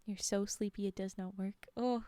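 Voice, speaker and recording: Chatty young woman streamer, smooth voice. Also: medium pitch, normal speed, no echo. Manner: chatty, giggly, animated asides. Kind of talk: reading spooky stories aloud on a live stream, chatting with viewers.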